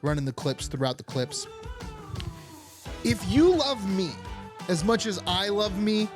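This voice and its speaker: A man's voice: high voice, very animated, a little slow, over music. A young man hosting a political comedy podcast, talking in a rambling, sarcastic way with lots of filler words. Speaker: podcast host. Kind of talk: unfiltered political comedy monologue.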